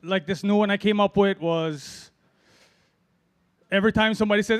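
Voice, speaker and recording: A middle-aged man from Hawaii doing an open-mic stand-up set, rambling through stories with lots of fillers and pauses. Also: high-pitched, fairly bright tone, smooth. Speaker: amateur stand-up comic.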